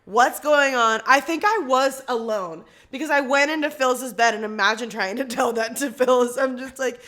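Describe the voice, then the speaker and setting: A woman co-hosting a casual podcast, telling a story in an animated way and laughing often. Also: high-pitched, fairly quick. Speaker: podcast co-host. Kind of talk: casual chat.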